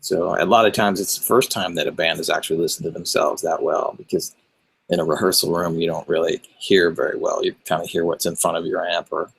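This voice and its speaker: A middle-aged man, a record producer, talking about mixing in a relaxed interview, often sliding into a monotone. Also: fairly quick, low-quality recording. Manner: low gravelly husky voice, drifts into a monotone. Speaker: record producer and mix engineer.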